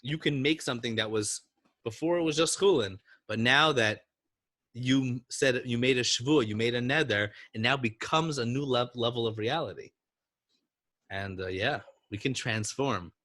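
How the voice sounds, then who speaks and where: A man's voice: medium pitch, normal speed, fairly bright tone, no echo. A man co-hosting a podcast, casually chatting and telling a story with lots of animation and frequent laughter. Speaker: podcast co-host.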